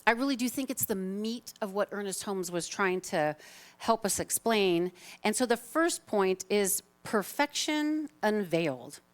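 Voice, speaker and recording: A woman's voice: mid-range voice, animated, unhurried. A woman minister giving a live Sunday talk to her congregation in a chatty, informal, self-deprecating way. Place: spiritual center sanctuary, live congregation.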